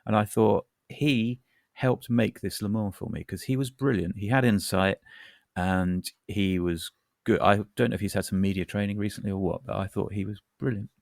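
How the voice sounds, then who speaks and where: Gravelly, deep-voiced man, wry. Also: fairly even intonation, moderate pace, no room sound, studio quality. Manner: wry, rambling anecdotes with asides. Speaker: podcast co-host. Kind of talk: casual chat.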